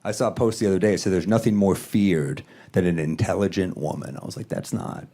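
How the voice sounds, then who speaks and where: A man in his thirties doing a stand-up set with dry, deadpan one-liners on a handheld stage mic. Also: low-pitched, quick pace, very noisy. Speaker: stand-up comedian.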